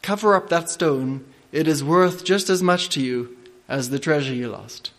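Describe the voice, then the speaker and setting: A man reading out a blunt passerby from a storybook fable, firing pointed questions in a somewhat higher voice. The tone is plain and matter-of-fact. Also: normal speed, a bit bright. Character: practical male stranger, blunt and questioning.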